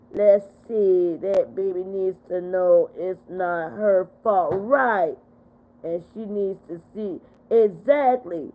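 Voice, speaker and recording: Older woman host, casual livestream chat, heated storytelling, thin phone-quality sound. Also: mid-range voice. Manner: animated, indignant storytelling with lots of emphasis. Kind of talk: casual livestream chat reading viewer comments. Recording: tinny phone-like audio.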